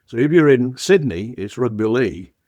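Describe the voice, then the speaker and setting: An older man from Wigan with a Northern English accent, a guest on a podcast, telling stories in a chatty way that often trails off quietly and restarts. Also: mid-range voice, animated, normal speed, no echo. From Wigan, England. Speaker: guest brewing scientist. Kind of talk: casual podcast conversation.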